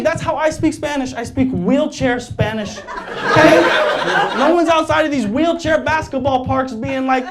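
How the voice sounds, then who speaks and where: A young adult man performing a stand-up comedy set on stage, animated, jumping into loud exaggerated voices for the people he quotes and laughing through his lines. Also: very high-pitched, a little slow. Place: comedy stage before a live audience. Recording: live stage mic with clear audience noise. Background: audience laughter.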